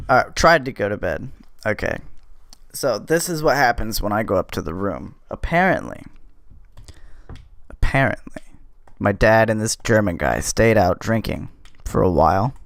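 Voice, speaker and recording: Unhurried man telling a rowdy story. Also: medium pitch, no echo, clean studio sound. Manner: animated, profane, gets louder as the story builds. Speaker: podcast host. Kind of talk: casual storytelling monologue.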